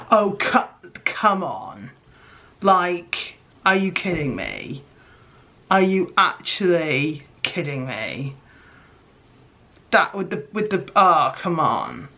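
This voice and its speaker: Slow-talking woman doing crafts. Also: deep voice. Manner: chatty, excitable, self-mocking, gasps at results. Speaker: crafting vlogger. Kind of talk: casual craft chat to camera.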